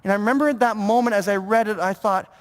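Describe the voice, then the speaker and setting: A man preaching a sermon as pastor, talking in an animated way with stammering restarts and repeated words. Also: high-pitched, fast. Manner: animated, stammering repetitions, mock-pious impressions. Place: church sanctuary. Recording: long reverb of a church hall.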